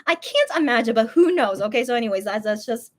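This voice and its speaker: A young adult woman hosting a casual livestream, telling a story in an animated way, full of fillers and repeated words. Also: on the high side, quick pace. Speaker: livestream host. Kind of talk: casual live-stream chat.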